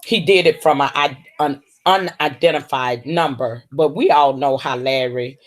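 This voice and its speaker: A woman hosting a casual livestream, drawling and calling viewers baby and honey. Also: sits low. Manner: slow, drawling, full of terms of endearment. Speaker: livestream host.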